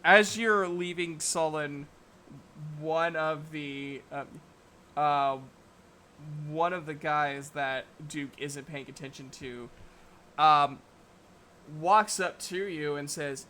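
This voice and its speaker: A man narrating as game master of a tabletop game, halting with many fillers and giggles. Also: a little high, fairly even intonation, pushed and bright, slight background noise.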